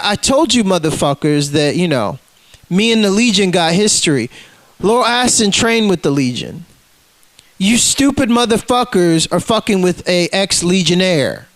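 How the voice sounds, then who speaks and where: A man with a high-pitched voice rants, cursing freely and calling people out. His sound is dry and close, with no room behind it. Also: fairly bright tone, no room sound, rough recording. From United States. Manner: ranting, profane, confrontational. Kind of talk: profane rant to camera.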